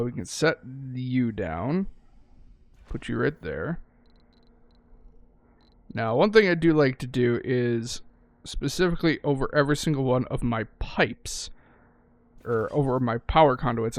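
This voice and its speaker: A man's voice: mid-range voice, no echo. A man giving casual gameplay commentary, thinking aloud and correcting himself, with frequent swearing. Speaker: let's-play gamer.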